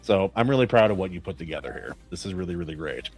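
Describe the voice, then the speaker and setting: A man with a notably deep, low-pitched voice reads a story aloud at a measured, earnest pace. Between readings he chats casually and sincerely with his co-hosts. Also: expressive, faint music behind. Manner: measured, earnest reading; warm praise in chat.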